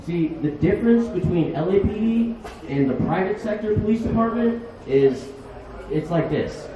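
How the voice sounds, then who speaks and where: A man doing a crude stand-up set, telling stories loud and acting out other voices, recorded in a small bar. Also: high voice, animated, normal speed, noisy background. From Los Angeles. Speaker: stand-up comedian. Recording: distant echoey bar mic, muffled.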